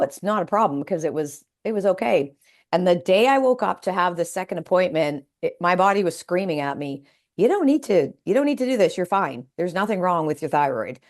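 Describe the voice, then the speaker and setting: A woman being interviewed on a podcast, telling a personal story with many restarts and acted-out quoted voices. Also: fairly low pitch. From Canada. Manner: frequent restarts and hesitant fillers. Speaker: podcast guest. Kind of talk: casual interview chat.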